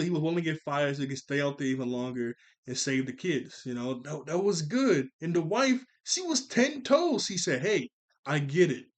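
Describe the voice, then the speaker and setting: A man casually recapping a movie, rambling and excitable, often correcting himself mid-sentence. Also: on the high side. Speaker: movie reviewer.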